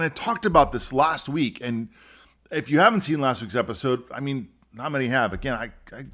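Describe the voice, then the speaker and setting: A man hosting a solo podcast, talking earnestly and emphatically, often repeating himself and dropping from forceful to quiet. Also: mid-range voice. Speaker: podcast host. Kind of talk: solo opinion monologue.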